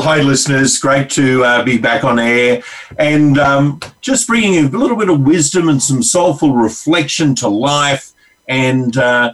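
A man's voice: medium pitch, recorded from a distance, low-quality recording. A man with an Australian accent, a regular counselor on a radio show, telling rambling stories with acted-out quotes. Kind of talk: casual on-air storytelling.

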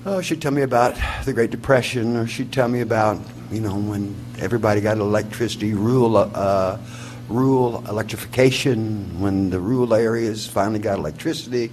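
A man's voice: lowish voice, a little fast, darkish tone, slight background noise. A man in his forties telling a long personal story in a rambling, folksy, wry way. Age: 40s. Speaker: singer-songwriter. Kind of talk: storytelling before a song.

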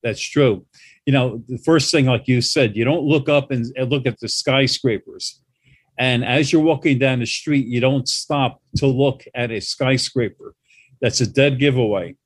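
A man, a guest on a travel talk show, telling animated stories about driving with quoted back-and-forth. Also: medium pitch, a little slow, breathy edge, no echo. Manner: animated anecdotes with quoted dialogue. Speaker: guest, New York travel expert. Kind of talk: casual storytelling chat.

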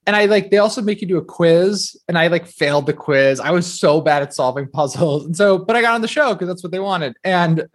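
Chatty higher-voiced man from New Jersey. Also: lively intonation. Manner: chatty, quick, filler-heavy with many "like"s. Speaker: guest author. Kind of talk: casual podcast interview.

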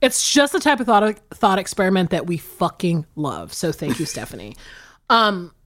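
Lively, swearing woman podcast co-host. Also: on the low side, moderate pace. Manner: animated, swearing, laughing often. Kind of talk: casual chat.

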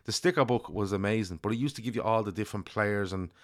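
A man talking football on a podcast in a slightly low voice. His delivery is loose and chatty, with swearing and frequent "like" and "you know". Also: fast. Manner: chatty, swears, reads listener comments. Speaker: podcast co-host. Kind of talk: casual chat.

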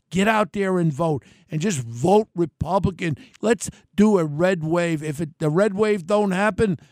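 A middle-aged man from New York hosting his own podcast, ranting bluntly in working-class slang with a gravelly voice. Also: sits high, dry recording, clean studio sound. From New York City. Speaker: podcast host. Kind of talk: solo podcast rant.

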